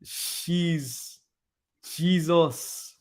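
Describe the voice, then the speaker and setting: Speaking very slowly in a fairly high voice, a male streamer hosts a live football watchalong. He swears liberally in slang while laughing at and ribbing a rival team over its defeat.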